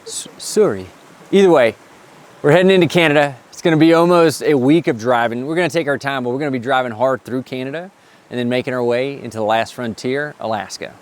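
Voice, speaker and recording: Upbeat travel vlogger, thirties, casual outdoor camera talk, average pitch. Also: male voice, fast. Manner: upbeat, enthusiastic, jokey. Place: outdoors at a campsite by flowing water.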